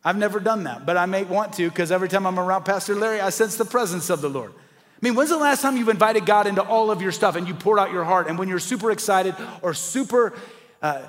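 High-voiced pastor preaching in a reverberant hall. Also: male voice, fast talker, fairly bright tone. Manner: earnest, rising to passionate emphasis. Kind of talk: sermon. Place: church sanctuary.

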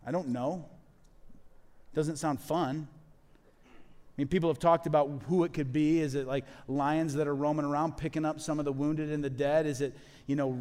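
Animated male pastor in a reverberant hall. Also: fairly high pitch. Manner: animated preaching with dramatized quotes. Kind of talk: sermon.

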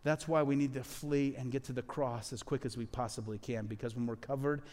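A man preaching a sermon as pastor, animated and acting out quoted voices as he speaks. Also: mid-range voice, a little fast, long reverb tail.

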